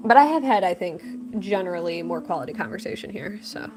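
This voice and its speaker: A young woman hosting a casual livestream, reading chat aloud, laughing often and telling stories with lively quoted voices. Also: brisk, over music. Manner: animated storytelling with big pitch jumps in quotes. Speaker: livestream host and artist.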